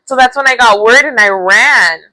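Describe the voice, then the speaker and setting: Bright, swearing young woman storyteller. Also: fairly high pitch, normal speed, no room sound, low-quality recording. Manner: animated storyteller, swears freely, mixes in Spanish. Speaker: podcast co-host. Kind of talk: casual chat.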